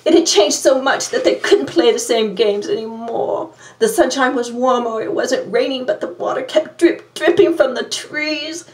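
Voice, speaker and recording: A woman's voice: sits high, moderate pace, hardly any pauses, lightly acted. A woman playing a vain, glamorous villainess reading a storybook aloud in a campy, theatrical way. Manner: campy, self-admiring, theatrical. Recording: roomy, from a distance.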